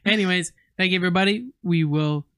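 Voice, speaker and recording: A woman's voice: fairly low pitch, quick pace, fairly bright tone, dry recording, studio quality. Easygoing woman co-hosting a faith podcast. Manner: easygoing, agreeable, lots of short affirmations. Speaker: podcast co-host. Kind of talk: casual faith chat.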